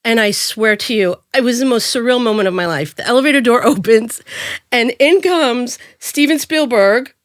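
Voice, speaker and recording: A woman in her thirties, a guest telling stories from her career, animated and jumping up in pitch when quoting people. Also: normal speed, dry recording, clean studio sound. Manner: animated, acts out quotes in a higher voice. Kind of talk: storytelling in an interview.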